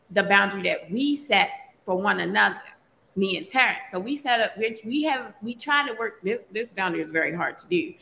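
A woman's voice: mid-range voice, vocal fry. A woman co-hosting a casual talk show, telling a family story with laughter and acted-out quotes. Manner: animated storytelling, laughs often, acts out quotes. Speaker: podcast co-host, mother. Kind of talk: casual chat.

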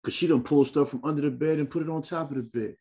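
A man hosting a podcast in casual chat, talking in an animated, slangy, emphatic way. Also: a little high, rapid-fire. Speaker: podcast host.

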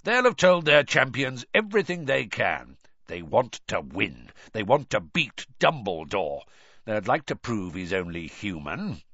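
A man voicing a gruff, blunt old male wizard teacher who growls his words. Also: on the low side, wildly swooping pitch, measured pace, bright, forceful tone, no echo, lo-fi sound, full character voice.

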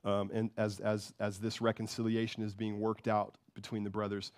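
A man's voice: on the low side, monotone, normal speed, dry recording. A man preaching a sermon with fervor, repeating words and often checking in with "right?". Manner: fervent, repeats words, keeps asking "right?".

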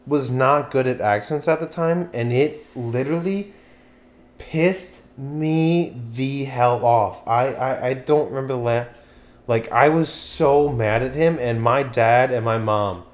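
A young man from Pennsylvania hosting a podcast, chatting casually, rambling, swearing and losing his train of thought. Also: fairly low pitch. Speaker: podcast host. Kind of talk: casual chat.

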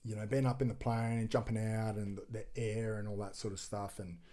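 A man, a podcast guest and extreme sports athlete, telling a story in a casual, animated way, acting out quoted voices and swearing freely. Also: fairly low pitch, a little fast.

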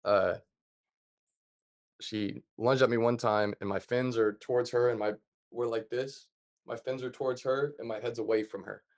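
A young adult man calmly retelling a story as a podcast guest, with plenty of fillers and loose, plain phrasing. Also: medium pitch, normal speed. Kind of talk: casual storytelling.

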